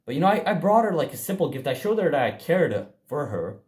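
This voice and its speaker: A man's voice: fairly high pitch, very animated, fairly quick, a little mellow. A young man giving a casual motivational monologue, blunt and profane, talking emphatically with frequent restarts. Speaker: self-improvement vlogger.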